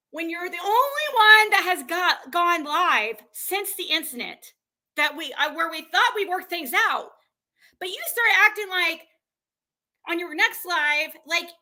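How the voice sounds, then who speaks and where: A woman live streamer ranting in a heated, exasperated way, swearing and firing off quick outbursts. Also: extremely high pitch, bright, forceful tone. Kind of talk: heated livestream rant.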